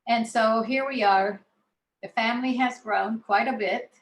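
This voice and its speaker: Woman born in Israel, guest speaker, relaxed anecdotal storytelling, roomy echo. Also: fairly high pitch, measured pace. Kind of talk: personal storytelling talk.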